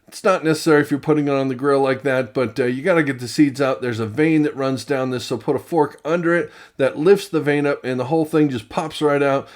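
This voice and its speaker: A man hosts a casual cooking demonstration between an outdoor grill and a home kitchen, chatting easily and throwing in self-deprecating asides. His medium-pitched voice sounds reverberant.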